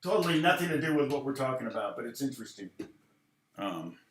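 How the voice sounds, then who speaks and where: A man's voice: medium pitch, sing-song, fast, a bit bright, a little hiss or hum. A man teaching guitar on a live stream, answering viewer questions, thinking aloud with a rambling manner and counting and scatting rhythms. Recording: roomy echo.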